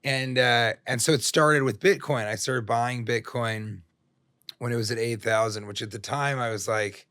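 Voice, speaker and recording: In a relaxed podcast interview, a middle-aged male comedian rambles through profane, joke-filled stories. He speaks at a moderate pace with a steady, medium-pitched, slightly bright voice, captured in clean studio sound without echo.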